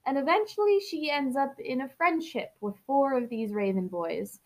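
A woman's voice: high-pitched, animated, normal speed. Bubbly, rambling woman podcast host. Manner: bubbly and rambling, laughing at herself. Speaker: podcast host reading a novel aloud. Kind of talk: chatty intro, then reading aloud.

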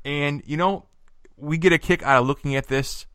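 A man's voice: on the high side, moderate pace, bright, forceful tone, clear, resonant tone, no echo. A man co-hosting a podcast in casual, jokey banter, rattling off lists with playful humor. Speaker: podcast co-host. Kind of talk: casual chat.

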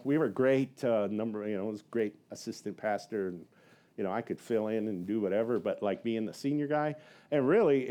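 A male pastor preaching a sermon as a rambling personal story, acting out what people said with big swings in his voice and laughing at himself. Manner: animated, acts out quotes with big pitch jumps; rambling with many fillers and self-laughs.

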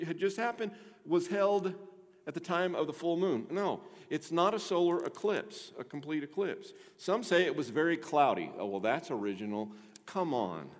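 A man's voice: high voice, moderate pace. An older man preaching a sermon as pastor, conversational and rising to emphatic points with rhetorical asides to the congregation. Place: church sanctuary. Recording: long hall reverb.

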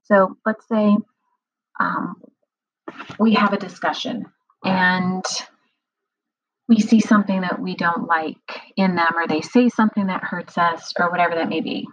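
A middle-aged woman speaking earnestly about her own experience in a personal monologue, often pausing on "um". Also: fairly low pitch, fairly even intonation, a bit bright, a little hiss or hum. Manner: earnest, explanatory, many filler ums. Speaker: survivor sharing personal experience. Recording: dull lo-fi recording.

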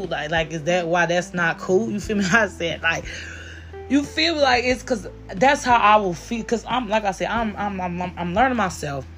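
Blunt, profane woman podcasting solo. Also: medium pitch. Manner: blunt and profane, with frequent filler questions and laughs. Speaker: podcast host. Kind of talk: candid solo podcast talk.

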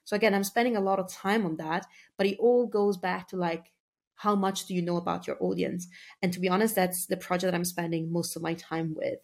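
A woman's voice: on the low side, fairly even intonation, fairly quick. A woman speaking as a marketing guest on a podcast, talking in a chatty, filler-heavy casual way and laughing easily. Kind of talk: casual interview talk.

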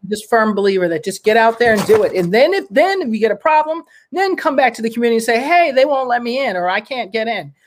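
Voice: medium pitch, very animated, quick pace, few pauses. A host in casual conversation, upbeat and encouraging, who breaks into motivational asides.

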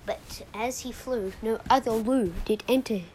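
A woman reads a children's rhyming story aloud as a podcast host. Her delivery is unhurried and sing-song, with a fairly high voice. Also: a little mellow, a little hiss or hum, low-quality recording.

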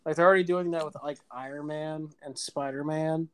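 A man's voice: fairly high pitch, steady tone, a little fast, smooth. A young man in casual podcast chat, packing his talk with fillers, laughing a lot and swearing. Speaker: podcast co-host.

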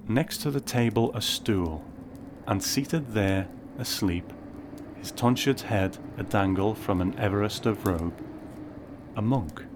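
A man narrating a first-person story in a measured, wry way. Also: lowish voice, background noise.

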